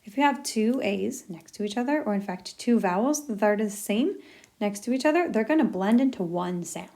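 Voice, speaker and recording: A woman's voice: medium pitch, lively intonation, moderate pace, darkish tone. A woman teacher walking through a recorded lesson step by step, upbeat and encouraging.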